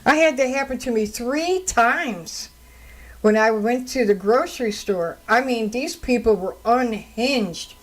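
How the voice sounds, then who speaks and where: A slightly high-pitched woman speaks at an unhurried pace, and the recording is rough. She's a radio host and counselor alone at a studio mic, telling stories in an indignant, chatty way as solo talk-radio commentary.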